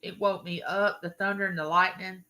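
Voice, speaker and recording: Older woman, live-stream host, bright, rambling and chatty. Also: fairly low pitch, steady tone, moderate pace, low-quality recording. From Mississippi. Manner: friendly, greets viewers by name, rambling.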